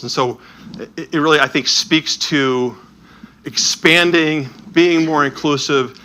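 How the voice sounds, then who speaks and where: A man giving a talk, telling lively anecdotes with quick asides and acting out the people in them. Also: mid-range voice. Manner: animated anecdotal storytelling with asides. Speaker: speaker touring with a Bible edition. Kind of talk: storytelling talk.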